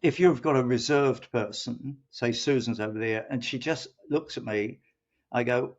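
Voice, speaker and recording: A middle-aged man talks at a middle pitch, wandering through anecdotes and slipping into the voices of the people he quotes. The sound is a little dull and muffled. He has a loose, chatty interview manner. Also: moderate pace. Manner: rambling storyteller who acts out quoted voices. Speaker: guest, co-founder of a training company. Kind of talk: casual interview talk.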